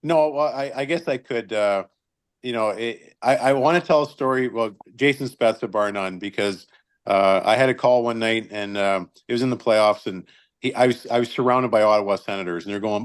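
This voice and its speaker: In his fifties, this retired hockey linesman tells stories in a casual, animated way, acting out the quotes as he goes. His voice is smooth and mid-range, and he speaks at a moderate pace.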